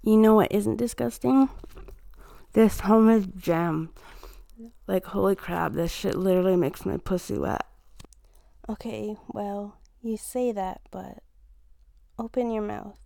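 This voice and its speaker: A woman's voice: medium pitch, fairly even intonation, a little slow, creaky, long pauses, dark tone, no room sound. A young woman in a casual romantic role-play, teasing and playful, laughing often and swearing easily as she talks to her partner. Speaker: fiancée in a listener role-play.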